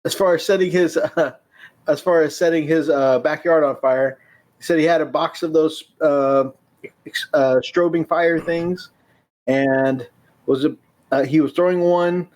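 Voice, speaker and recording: A man's voice: on the high side, steady tone, measured pace, darkish tone. A man hosting a hobby live stream, reading viewer comments aloud and laughing often in casual chat.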